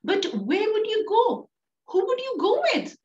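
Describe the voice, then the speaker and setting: A woman with an Indian English accent voicing an anxious, whiny young adult daughter who asks high, fretful questions. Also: very animated, measured pace, darkish tone, full character voice. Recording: distant, roomy, dull sound.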